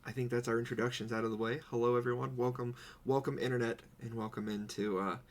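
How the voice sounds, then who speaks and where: A man's voice: mid-range voice, little pitch movement, quick pace, slight background noise. A man co-hosting a podcast in casual chat, telling stories with goofy put-on quotes. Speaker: podcast co-host. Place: home streaming setup.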